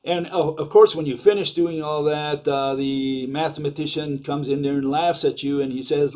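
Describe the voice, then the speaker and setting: A man's voice: a little high, fairly even intonation, moderate pace, hardly any pauses, darkish tone. Sarcastic man lecturing, filler-heavy. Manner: sarcastic, questioning, frequent fillers. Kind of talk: informal lecture with slides.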